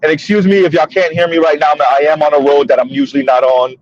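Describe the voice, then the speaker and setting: A man's voice: on the high side, level tone, quick pace, muffled recording. A man hosting a casual commentary monologue from his car, emphatic and repetitive, talking straight to listeners. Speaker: commentary host. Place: in a car on the road.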